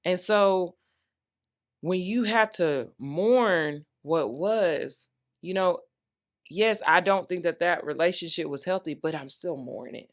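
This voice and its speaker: A woman's voice: on the low side, slow pace. Woman in her 30s, talk show host, chatty, candid, playful. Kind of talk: casual solo talk.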